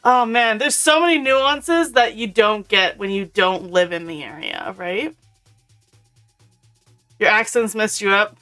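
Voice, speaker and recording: A woman's voice: on the high side, lively intonation, slow, pauses often, fairly bright tone. A woman streaming a video game, chatting casually with her viewers and her pet, laughing often. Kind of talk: casual chat while gaming. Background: faint intro music.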